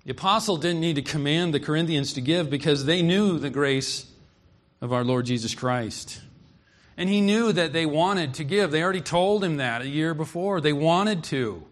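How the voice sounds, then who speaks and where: A man preaching from the pulpit in an earnest, emphatic way. His voice sits a touch higher than most men's. He reads scripture verses aloud and then explains them word by word. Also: animated, normal speed. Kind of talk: expository sermon.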